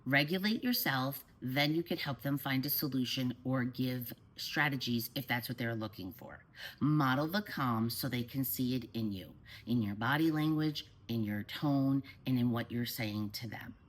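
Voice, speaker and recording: Low-voiced woman parent coach. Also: moderate pace, rough recording. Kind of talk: advice talk to camera.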